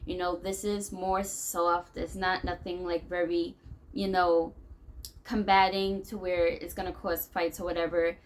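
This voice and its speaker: A woman's voice: on the low side, flat delivery, unhurried, slight background noise, rough recording. A woman from the United States venting to camera in a rambling, conversational monologue as a vlogger.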